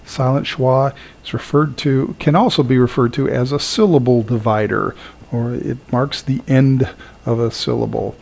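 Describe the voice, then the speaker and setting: A man teaching a recorded lesson, halting with frequent fillers and repeating words slowly to model their sound. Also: mid-range voice, creaky, darkish tone. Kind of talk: recorded lecture.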